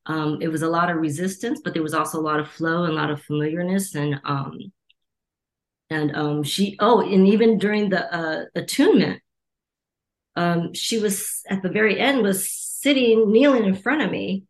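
A woman's voice: fairly low pitch, normal speed. A middle-aged woman from the United States, a Reiki teacher, telling stories in an interview and acting out the voices of people she quotes. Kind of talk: storytelling interview.

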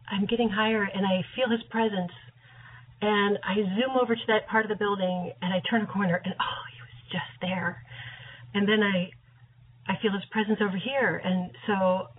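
A woman telling an emotional personal testimony about a dream, at times dropping to a whisper. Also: mid-range voice. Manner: emotional, breathy, drops to whispers. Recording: tinny phone-like audio.

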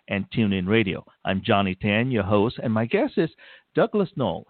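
A man's voice: mid-range voice, no echo. Man, radio host, announcer delivery, phone-line audio, dry. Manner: brief affirming backchannels, announcer-style. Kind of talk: talk radio interview.

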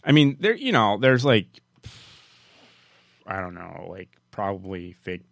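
Male podcast co-host, very deep, dry sound, easygoing reactor. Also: very animated, measured pace, vocal fry, no echo. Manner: reactive, short replies like "wow". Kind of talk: casual chat.

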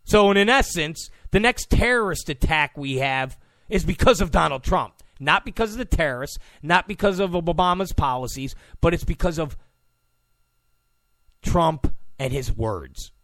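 A man's voice: on the high side, expressive, moderate pace, fairly bright tone, no echo, studio quality. A male political commentator giving an opinion monologue in a mocking way, often acting out the people he quotes. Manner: mocking, acts out quoted people in put-on voices.

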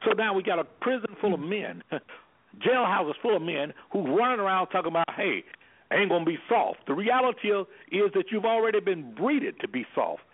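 A man's voice: high-pitched, sing-song, moderate pace, husky. A man, an anger management specialist, speaking with preacherly emphasis as a guest on a call-in radio show over the phone. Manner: preacherly, emphatic, acts out quoted voices. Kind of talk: impassioned call-in radio talk. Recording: phone-line audio.

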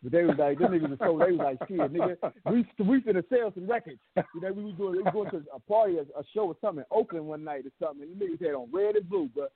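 Husky Bay Area man, tinny line. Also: high voice, very fast, hardly any pauses, no room sound. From San Francisco Bay Area. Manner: animated storyteller, laughs a lot, profane. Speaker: round table guest. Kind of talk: casual chat. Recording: tinny phone-line sound.

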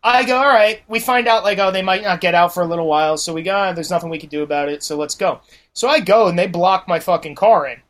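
A man's voice: high voice, fast talker. A man, a podcast guest, telling a profane story in casual talk and acting out the voices of the people in it. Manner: animated, acts out quoted voices.

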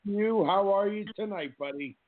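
A man's voice: high-pitched, normal speed. A man co-hosting a wrestling talk show, hyped up and effusive as he introduces and praises his partner. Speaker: co-host. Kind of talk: casual chat. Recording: tinny phone-like line.

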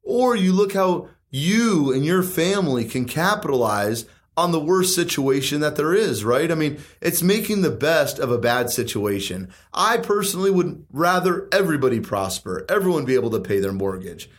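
A man in his thirties with a somewhat high voice talks about investing in real estate. He is confident and emphatic and keeps asking rhetorical questions as he makes his case in a casual chat. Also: sing-song, normal speed, hardly any pauses.

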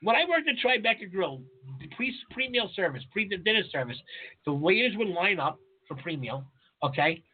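A high-pitched, husky man, rattling off profane kitchen war stories at a quick clip. The sound is thin and tinny, like a phone line. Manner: profane, animated storytelling. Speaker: podcast co-host, chef. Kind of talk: casual chat, storytelling.

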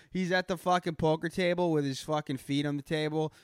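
A man's voice: fairly high pitch, moderate pace, a bit bright, clean tone, dry recording, studio quality. A man with a Boston accent co-hosting a podcast in crude, profane, rambling casual chat. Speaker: podcast co-host.

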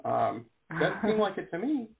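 A man in his forties hosting an interview, rambling and excitable with lots of fillers and restarts, on a video call. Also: sits high, moderate pace, vocal fry. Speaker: show host. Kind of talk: casual interview chat. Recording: tinny phone-like line.

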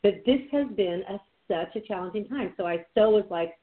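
Woman talk show host, chatty, enthusiastic, phone-like sound, mid pitch. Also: a little fast, few pauses. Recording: tinny phone-line sound.

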